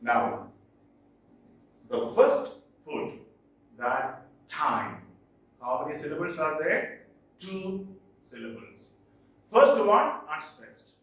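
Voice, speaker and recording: A man gives a classroom lecture on poetic meter, slow and deliberate, with a bright and lively voice. He sounds set back from the mic in a very echoey room. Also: fairly high pitch, recorded from a distance. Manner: slow and deliberate, tapping out stresses. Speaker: English teacher.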